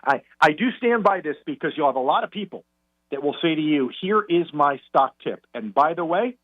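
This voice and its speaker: A man calling in to a radio show as a guest financial commentator, explaining in a measured way with frequent restarts. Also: a little high, expressive. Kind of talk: phone-in radio chat. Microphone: telephone call. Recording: tinny phone line.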